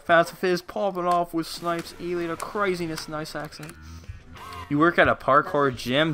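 Bright-voiced excitable gaming streamer, man. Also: fairly high pitch, a little slow, soft background music. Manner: excitable, chatty with viewers, hums along. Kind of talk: casual live game commentary.

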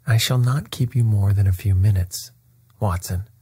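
A man voicing a coolly confident male detective in a bedtime story reading, calm and faintly ironic. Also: on the low side, normal speed, husky, dry recording.

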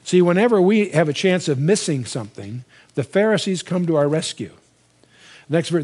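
An older man giving a Bible lecture in a conversational way, reading scripture slowly with emphasis and asking his listeners questions. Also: fairly high pitch, lively intonation, darkish tone. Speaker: Bible teacher.

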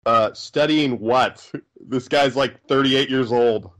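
A man's voice: medium pitch, slow, fairly bright tone. A man co-hosting a movie riff commentary, playful and joking.

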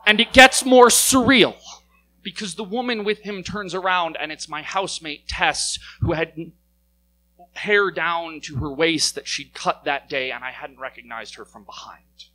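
Bright-voiced American man telling a story. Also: a little high, unhurried, rough recording. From United States. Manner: lively and wry, voice rising as it builds. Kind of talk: live story slam telling. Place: stage in a small venue.

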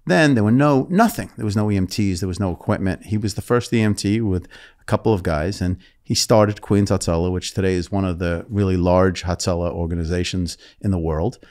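A man's voice: deep voice, a little fast, few pauses, darkish tone. A man in his fifties, born in England, with a New York accent, telling stories and joking as a podcast guest. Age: 50s. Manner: storytelling, joking, laughs easily. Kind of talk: casual interview.

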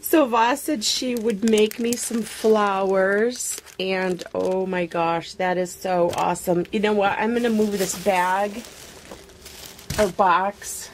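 A woman vlogger unboxing a craft swap package in casual chat, gushing over each item with excited exclamations. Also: medium pitch, takes it slowly, slight background noise.

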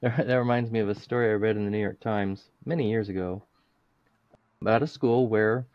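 A man's voice: on the low side, a little fast, no room sound, dull audio. A man hosting an interview show, talking in a rambling, casual way with lots of fillers and chuckles over a video call. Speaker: podcast host.

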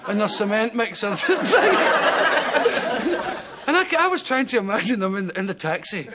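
A man's voice: high voice, very animated, fast. Scottish guy on a talk show, rambling funny stories, laughing as he talks, old studio tape with hiss and crowd noise. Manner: rambling, chuckling through his stories. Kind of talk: comic anecdote storytelling. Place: TV studio with live audience.

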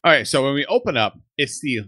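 A man's voice: medium pitch, sing-song, fast talker, over music. A man co-hosting a podcast in casual chat, laughing often as he breaks down an episode. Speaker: podcast co-host.

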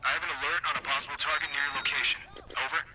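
Game radio dispatcher, male actor, quick and monotone, clipped. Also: fairly high pitch, heavy background noise, close to an everyday voice. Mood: brisk.

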